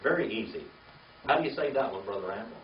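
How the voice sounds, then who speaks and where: An older man teaching a classroom Hebrew reading lesson, patient and slow, spelling words out letter by letter. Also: lowish voice, animated, slight background noise. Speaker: Bible language teacher. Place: classroom with a small group. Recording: echoey, distant, dull lo-fi room recording.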